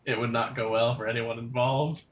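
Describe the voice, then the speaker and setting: A man's voice: medium pitch, flat delivery, moderate pace. A man playing a tabletop game, making dry jokes. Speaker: player. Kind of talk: casual game chat.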